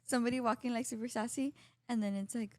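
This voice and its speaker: A young woman co-hosting a podcast, chatting casually with relaxed, playful interjections. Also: on the high side, quick pace. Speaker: podcast co-host. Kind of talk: casual chat.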